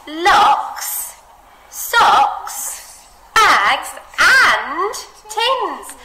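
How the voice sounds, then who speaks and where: A woman teaching reading, guiding a child through a phonics book with encouraging, expressive read-aloud. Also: mid-range voice. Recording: roomy echo with steady background noise.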